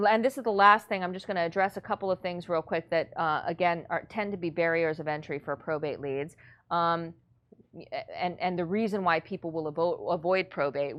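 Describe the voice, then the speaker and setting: A woman teaching real estate investors in a blunt, matter-of-fact, motivational way. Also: fairly low pitch. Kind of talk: coaching lesson.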